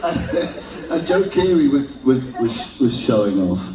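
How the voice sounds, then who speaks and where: A young man as a panel guest, telling a story in halting bursts and repeating words. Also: medium pitch, sing-song, a little mellow. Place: large convention hall. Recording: echoey convention hall from far off.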